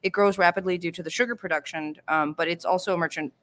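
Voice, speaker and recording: A woman's voice: on the low side, steady tone, quick pace, a bit bright. A woman co-hosting a casual podcast, chatty and correcting herself as she talks. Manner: chatty, self-correcting, laughs often. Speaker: podcast co-host. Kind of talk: casual podcast chat about rum history.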